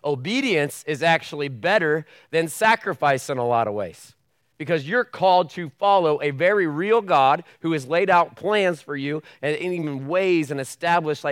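A man preaching a sermon in a church, opening with a hushed, earnest prayer and then talking casually and acting out the voices he quotes. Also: on the high side, expressive, normal speed, dry recording, clean studio sound. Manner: hushed, earnest tone while praying. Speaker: pastor. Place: church sanctuary with a video screen.

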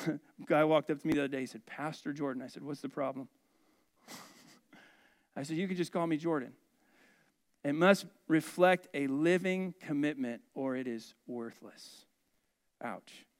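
A man's voice: a little high, clear, resonant tone. A male pastor preaching a sermon in a conversational way, asking the congregation questions and adding humorous asides.

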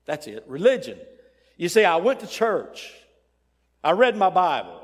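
A man's voice: sits high, big pitch swings, a little slow, breathy edge, voice pushed up, heavily acted. A man playing an eager, dutiful churchgoer. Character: dutiful churchgoer trusting his religion. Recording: long church reverb.

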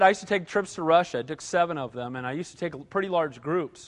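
A middle-aged man with a notably high-pitched voice preaches a sermon in a loose, conversational way. He drives his points home with short repeated phrases. He keeps drawing in the congregation with a questioning "right?". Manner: often asks the congregation "right?". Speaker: pastor.

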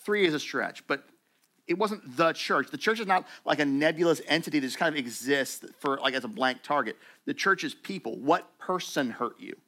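A man preaching a sermon to his church in a conversational, animated way, acting out quoted voices. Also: fairly high pitch, normal speed. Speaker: pastor.

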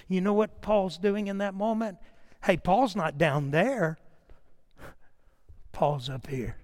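Middle-aged male preacher, high voice, animated storytelling sermon, long hall reverb. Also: slow pace, long pauses. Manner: animated storytelling, acts out prayers and dialogue. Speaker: pastor.

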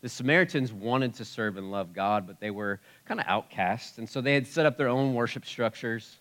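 A man preaching a sermon in a church, moving from soft asides to loud exclamations. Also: medium pitch, moderate pace. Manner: animated, swings from soft asides to loud shouts. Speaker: pastor.

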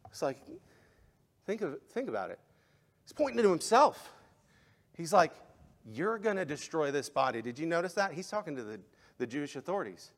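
A man preaching a sermon as pastor, impassioned, rising to emphatic peaks and then dropping quiet. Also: high voice, big pitch swings, normal speed. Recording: long hall reverb.

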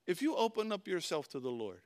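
A middle-aged man preaching a sermon, telling a personal story with lively swings from quiet to shouting. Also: sits high, a little fast. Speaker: pastor.

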